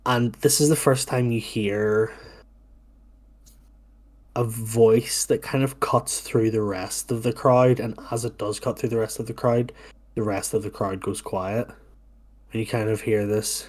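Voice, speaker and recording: A man narrating as game master, relaxed and hesitant, with many fillers. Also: lowish voice, measured pace.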